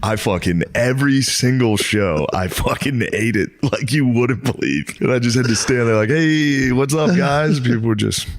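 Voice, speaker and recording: A man's voice: mid-range voice, normal speed, hardly any pauses, no room sound. A male comedian telling a story in casual chat, dry, laid-back and self-mocking. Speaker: comedian guest.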